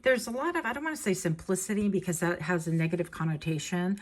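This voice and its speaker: A woman doing a casual tarot reading in a chatty, rambling way, laughing easily and getting emotional. Her voice sits a little low for a woman. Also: fast. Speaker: tarot reader.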